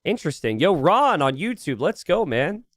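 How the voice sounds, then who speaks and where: A man's voice: fairly high pitch, big pitch swings, normal speed, dry recording. Chatty male streamer, dry close mic. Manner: chatty and rambling, thinks aloud and talks to chat. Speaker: game caster and streamer. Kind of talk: casual live-stream commentary.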